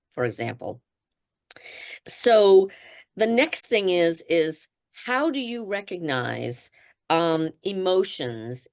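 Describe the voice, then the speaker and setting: Brief: low-pitched female trainer, chatty and explanatory, acts out sample lines. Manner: conversational, many fillers, acts out example phrases. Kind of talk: leading a training discussion.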